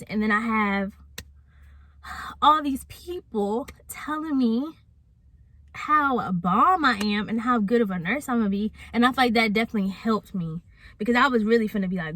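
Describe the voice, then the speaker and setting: A woman's voice: a little high, normal speed, fairly bright tone, dry recording. A young adult woman telling a personal story in a casual, candid vlog, chatting straight to her viewers. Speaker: vlogger.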